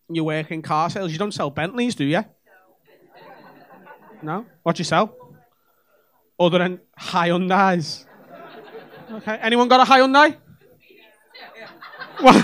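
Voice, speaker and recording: Cheeky high-voiced comic. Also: male voice, unhurried, pauses often, a bit bright, a faint crowd. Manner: cheeky, swearing banter with audience. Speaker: stand-up comedian. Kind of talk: crowd work. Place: comedy club stage. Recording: live comedy club with audience laughter.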